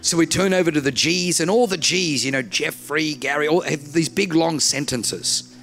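A man's voice: a little high, moderate pace, fairly bright tone, faint music behind. A man, originally from Germany, telling a humorous sermon story as a preacher and animatedly acting out the dialogue. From Germany, raised in Australia.

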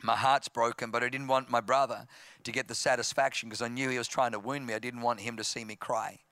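A man's voice: mid-range voice, fairly even intonation, a little fast, no room sound. An Australian man in his fifties, a pastor telling his testimony in a sermon, acting out voices and growing impassioned. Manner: storytelling, acting out voices, grows loud and impassioned.

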